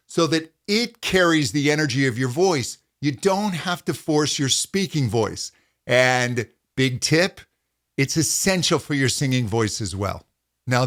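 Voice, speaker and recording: A middle-aged vocal coach gives a voice lesson, calmly explaining and demonstrating hums and pitch slides.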